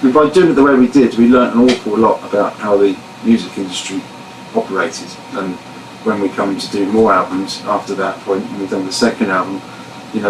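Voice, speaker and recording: Steady man, distant echoey mic. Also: fairly low pitch. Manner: steady, explanatory. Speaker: band member. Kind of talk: casual live Q&A chat. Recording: echoey room, distant mic, faint noise.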